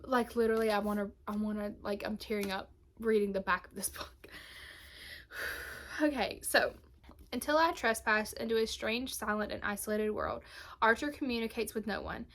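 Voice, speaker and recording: A woman's voice: medium pitch, normal speed, a bit bright. A young woman, chatting to camera about books she loved, gushing and emotional, dropping to a whisper at times. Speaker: booktube vlogger. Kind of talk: casual book review chat.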